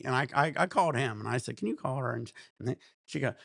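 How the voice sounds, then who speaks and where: A man in his thirties hosts a laid-back stream, rambling through stories with plenty of swearing and laughter. His mid-pitched voice has a gravelly edge. The sound is close and dry, with almost no room around it. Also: big pitch swings, quick pace, dry recording. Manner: rambling, profane storytelling with frequent laughs. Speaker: cannabis stream host. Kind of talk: casual livestream chat.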